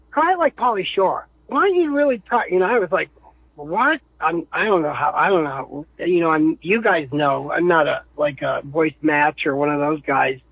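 A man, a guest voice actor, telling anecdotes casually and animatedly, his voice a little rough this morning. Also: sits high, no room sound. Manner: animated, quotes people in changed voices. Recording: thin phone-like call audio.

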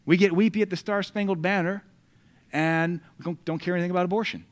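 A man with an American accent preaching a sermon, reading scripture aloud with loud emphatic bursts and dropping into conversational asides between the verses. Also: sits high, fairly even intonation, fast talker.

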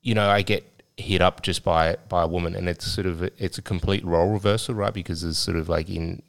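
A man's voice: deep voice, fairly even intonation, a little fast, gravelly. A man co-hosting a podcast, talking loosely in casual chat with lots of fillers. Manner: loose, rambling with many fillers. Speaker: podcast co-host.

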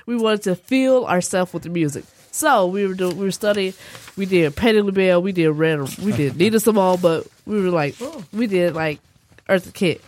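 A woman telling a story in casual chat, laughing often and acting out shouted quotes. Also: lowish voice, normal speed, slight background noise.

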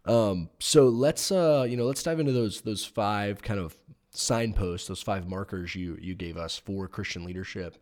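A man co-hosting a casual podcast who teaches youth, telling animated stories with plenty of fillers. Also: on the low side, moderate pace. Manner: storytelling, animated, many fillers. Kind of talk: casual chat.

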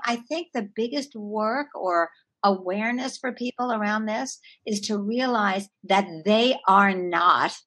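A woman author, a guest on an interview, who explains her ideas earnestly, with wide swings in pitch and loudness. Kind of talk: conversational interview.

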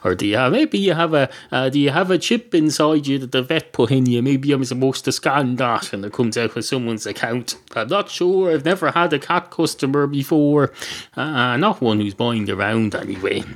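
A man's voice: mid-range voice, animated, moderate pace, lightly acted. A patient, polite pub barman from a told joke, played by an Irish man. He explains things reasonably and sounds mildly puzzled. It is an everyday Irish voice with little change from the teller's own.

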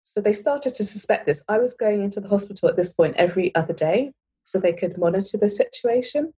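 A woman's voice: medium pitch, dark tone, slightly rough, low-quality recording. A woman in her thirties, a guest in an interview, telling a personal story with many fillers and restarts.

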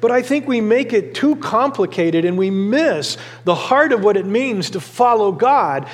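Middle-aged pastor preaching in reverberant sanctuary. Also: male voice, high-pitched, expressive, a little slow, few pauses. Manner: earnest storytelling with occasional fillers. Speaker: lead pastor. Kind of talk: sermon. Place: church sanctuary. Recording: long hall reverb.

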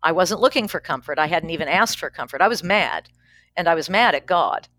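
A woman's voice: on the low side, expressive, brisk, fairly bright tone, dry recording, studio quality. A middle-aged woman, a pastor, candidly telling a personal story in an interview, frank and plainspoken with wry humor. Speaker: pastor, guest.

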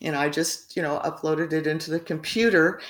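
Guest woman with a deep voice, rambling and chatty, recorded in an echoey room. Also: fairly even intonation, moderate pace. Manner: rambling, frequent fillers and laughs. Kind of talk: casual storytelling in conversation.

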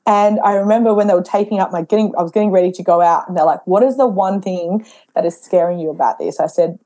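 A young pregnant woman talks quickly as a podcast guest. Her voice is mellow and warm. She tells stories in a lively way and acts out her own past dialogue. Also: fairly low pitch. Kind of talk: casual interview chat.

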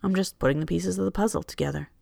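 Calm, kind man, speaks soft and even, slight gravel , done by the reader. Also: mid-range voice, racing, no echo, studio quality. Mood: gentle. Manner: calm and gentle.

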